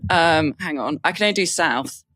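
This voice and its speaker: Low-voiced woman bantering. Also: moderate pace, fairly bright tone, dry recording. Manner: joking, playful banter. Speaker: podcast co-host. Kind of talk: casual podcast chat.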